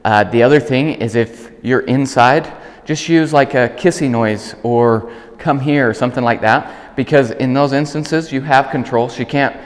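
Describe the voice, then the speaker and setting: A man working as a dog trainer, calmly explaining an outdoor training demonstration and breaking off to call and praise the dog. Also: normal speed, few pauses, big-room sound. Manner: calm explaining, bursts of high praise calls to the dog.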